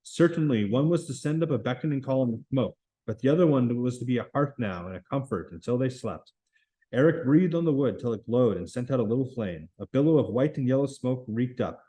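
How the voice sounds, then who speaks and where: A man reading a novel aloud at a steady pace, with occasional small stumbles and restarts. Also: medium pitch, a little fast, poor audio. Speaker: reader.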